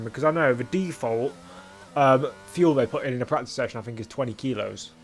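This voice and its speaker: A young man casually commentating a sim racing stream, rambling with lots of filler and cheeky, crude jokes. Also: fairly high pitch.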